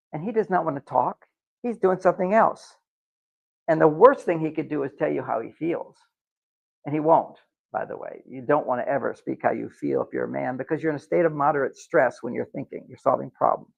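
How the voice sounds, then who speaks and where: Gravelly man lecturing a live audience. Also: mid-range voice, brisk, highs cut off. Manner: lecturing, acts out quoted voices with lively swings. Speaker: workshop speaker.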